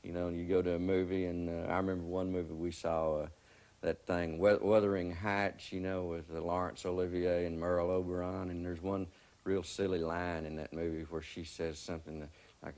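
Man, fifties, very deep voice, measured reflective interview talk. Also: level tone, a little mellow. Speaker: interviewee recalling an old friend.

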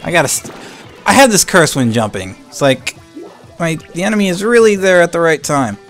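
A young man giving live gameplay commentary, excitable and swinging between hype and frustrated ranting. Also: on the high side, a little fast, faint music behind. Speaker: gaming channel host.

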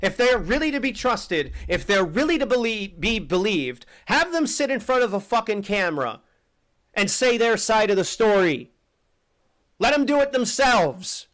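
Brief: high-pitched male streamer, angry, foul-mouthed tirade. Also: sing-song, normal speed. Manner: profane, shouting rant. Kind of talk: angry live-stream commentary.

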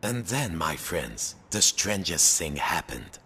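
A man's voice: low-pitched, sing-song, slow, pushed and bright, a little hiss or hum. A man narrating a storybook game tale in a playful, theatrical way, with French exclamations. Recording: game audio with music behind.

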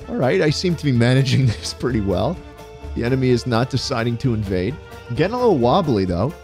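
A man giving profane, excitable let's-play commentary, often yelping and laughing. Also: medium pitch, brisk, soft background music. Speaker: gaming YouTuber.

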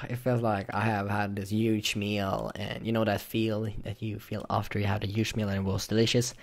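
A man giving casual, rambling commentary on a video game, emotional and often trailing off softly. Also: lowish voice, level tone, normal speed, gravelly. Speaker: gaming YouTuber.

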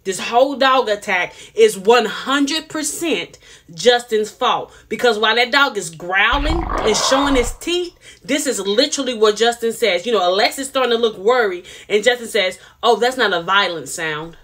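A woman's voice: on the high side, lively intonation, moderate pace, fairly bright tone. A woman, giving casual, sassy commentary on a reality TV episode and repeating herself for emphasis. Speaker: reality TV reviewer.

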